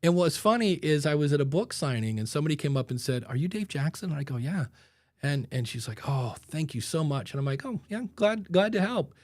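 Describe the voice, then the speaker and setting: A podcast host with a slightly high voice chats casually at a slightly fast pace, recorded in a clean studio with no echo. He's an animated storyteller who acts out the quotes and voices in his stories.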